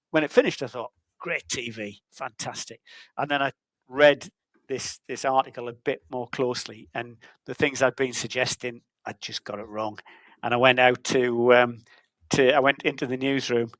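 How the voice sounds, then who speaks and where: A man's voice: medium pitch, fairly even intonation, moderate pace, fairly bright tone, dry recording, low-quality recording. A man in his sixties, a veteran journalist, telling rambling, self-deprecating stories in an interview over a video call. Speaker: guest, veteran football journalist. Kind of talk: anecdotal interview storytelling.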